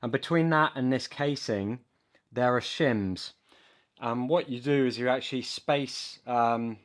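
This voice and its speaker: A man narrating a hands-on engine repair tutorial, explaining step by step while he works and often pausing with an um. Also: on the low side. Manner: explains step by step while working, with frequent ums. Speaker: DIY boat engine tutorial maker.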